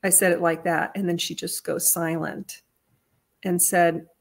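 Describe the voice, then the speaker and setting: A woman's voice: on the low side, flat delivery, a little slow, gravelly. A woman telling a personal family story in a casual monologue, earnest and rambling, with frequent restarts and her voice lifting at emotional points. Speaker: vlogger retelling a family story.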